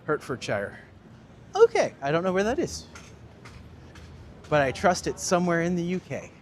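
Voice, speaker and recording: A man's voice: sits high, big pitch swings, moderate pace, slight background noise. A man hosting a live walking-tour stream outdoors, chatting and joking with viewers as he walks. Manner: chatty and jokey, answering live chat while walking. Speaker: walking tour guide and livestream host. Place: outdoors on city streets.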